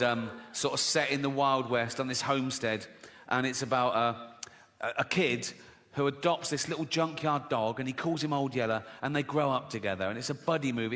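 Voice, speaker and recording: Bright-voiced stand-up comic. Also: male voice, medium pitch. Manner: chatty storytelling, chuckles at his own jokes. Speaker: comedian. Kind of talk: stand-up comedy. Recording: long hall reverb, faint noise.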